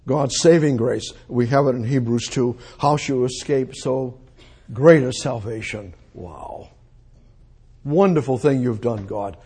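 Slow, husky-voiced man preaching. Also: medium pitch, warm tone. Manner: emphatic, repeats phrases, exclaims. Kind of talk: sermon.

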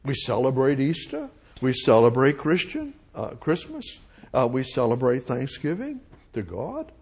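Slow, husky-voiced man preaching a sermon. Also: mid-range voice, huge pitch swings, darkish tone. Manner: repetitive, rhetorical questions to the congregation. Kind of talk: expository sermon.

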